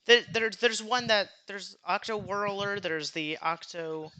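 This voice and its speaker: A young host chatting casually about a video game on a podcast, tripping over words and restarting sentences while trying to explain. The voice is bright and forward, with ordinary pitch. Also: unhurried, slight background noise. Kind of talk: casual gaming chat.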